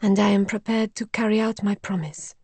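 A woman voicing a strained female spirit medium who speaks quietly, coldly, or in breathy whispers. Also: mid-range voice, level tone, brisk, dry recording, close to an everyday voice. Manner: quiet, cold and gentle by turns, breathy whispers.

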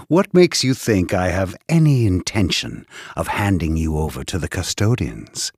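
A male narrator voicing a cruel, sadistic prison warden who taunts his captive in a slow, husky, gloating voice. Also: sits low, big pitch swings, darkish tone, no room sound, clean studio sound, full character voice. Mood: menacing. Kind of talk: audiobook character voice.

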